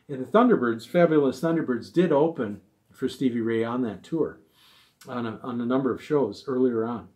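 A middle-aged man tells a casual, rambling story about his band's early days, in a voice that sits at an ordinary middle pitch. He drifts through fond asides and quotes other people along the way. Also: normal speed, a little mellow. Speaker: musician telling a gig story.

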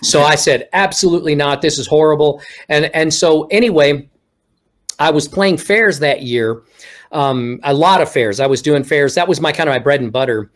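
A middle-aged man from Texas, a ventriloquist guest on a video-call interview, telling stories in a casual, animated way and acting out quoted speech. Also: a little high, moderate pace.

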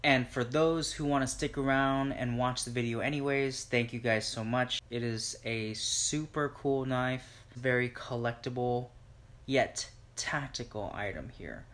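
A man's voice: mid-range voice, measured pace, fairly bright tone. A man in a casual vlog, chatting to his viewers with lots of fillers while he unboxes something at home. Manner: chatty, filler-heavy, addresses viewers directly. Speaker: vlogger.

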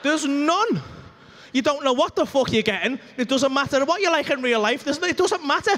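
Stand-up guy, really high voice, crude and animated, acts stuff out with moans and gasps on stage. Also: brisk. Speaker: stand-up comedian. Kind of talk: stand-up comedy set. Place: comedy club stage.

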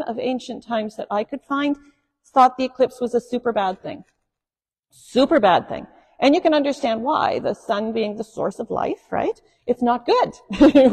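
A woman minister giving a chatty, joking sermon and asking the congregation questions from the front of the church. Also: fairly high pitch. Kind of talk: conversational sermon. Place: church sanctuary. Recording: long church reverb.

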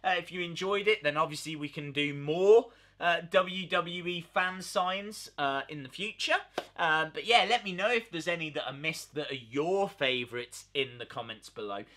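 A wrestling YouTuber with a high, very bright and sharp voice, talking casually straight to his viewers. He keeps chuckling as he comments and sounds amused throughout. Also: normal speed. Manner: amused, often laughing.

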